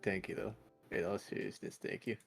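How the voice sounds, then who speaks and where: A man's voice: lowish voice, fairly even intonation, brisk, creaky, soft background music. A young man streaming and chatting casually with friends, self-deprecating and jokey, with rambling restarts.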